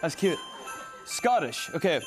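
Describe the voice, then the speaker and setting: A man's voice: a little high, big pitch swings, unhurried. A man talk show guest, easygoing and amused. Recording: loud audience and music behind.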